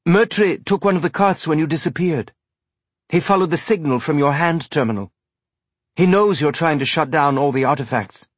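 A man's voice: fairly high pitch, moderate pace, husky, no echo, pitched above the performer's own voice. A man voicing a frightened, earnest young woman explorer who talks in an urgent, breathless way.

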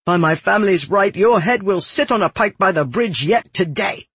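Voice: medium pitch, very animated, normal speed, breathy edge, dry recording. A narrator voicing a cruel young male noble who sneers and spits out threats in an audiobook. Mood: vicious. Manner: threatening, spitting out taunts. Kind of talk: audiobook character voice.

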